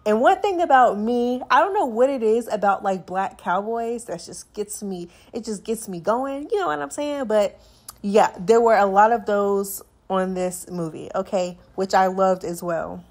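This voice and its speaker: A young adult woman recapping a movie for her channel in a chatty, animated way, acting out the characters' lines as she goes. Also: mid-range voice, a little slow. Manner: chatty, animated storytelling with acted-out quotes.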